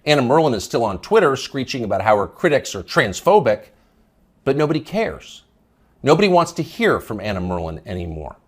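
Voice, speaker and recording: A man's voice: mid-range voice, big pitch swings, fairly quick, breathy edge. A man hosting a news commentary show, delivering a scornful, emphatic opinion monologue.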